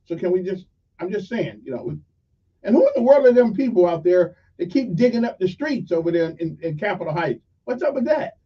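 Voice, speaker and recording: A man's voice: high voice, lively intonation, a little fast, slightly rough, distant mic. An older man hosting a casual morning radio talk show, rambling and joking with many fillers. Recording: muffled audio from off mic.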